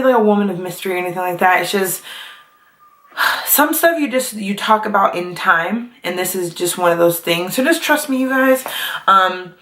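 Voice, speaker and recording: A woman's voice: mid-range voice, fairly bright tone. A young adult woman chatting casually to camera as a vlogger, full of fillers and laughs. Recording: echoey room.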